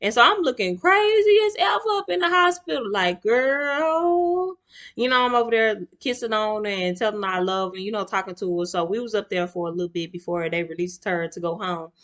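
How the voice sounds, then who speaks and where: A woman's voice: medium pitch, quick pace, few pauses. A young woman, talking to camera in a chatty storytime vlog and acting out her relatives' voices. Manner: animated, acts out relatives' voices, chatty with y'all asides. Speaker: vlogger.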